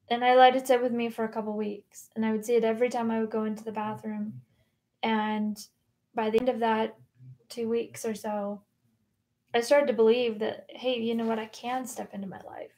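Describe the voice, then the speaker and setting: A woman's voice: on the high side, darkish tone. A woman guest on a podcast, telling her personal story in an earnest, reflective and candid way. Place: podcast recording room.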